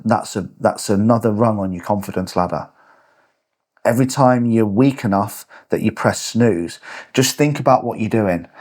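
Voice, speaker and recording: In a mid-range, somewhat mellow voice, a fitness coach who hosts a podcast delivers a motivational monologue. His talk is blunt and punchy, and he swears.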